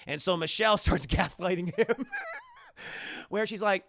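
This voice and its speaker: Man recapping a film to live chat, bright tense voice, dry close mic, restless restarts. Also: high-pitched, measured pace, vocal fry, no room sound. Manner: animated, restarting sentences, acting out lines. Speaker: film review streamer.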